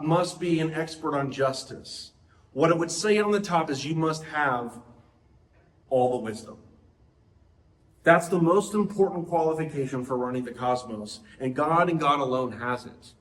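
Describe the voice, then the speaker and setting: A man's voice: fairly high pitch, fairly bright tone, echoey room. A middle-aged man preaching a sermon in a conversational way, often turning to the audience with questions.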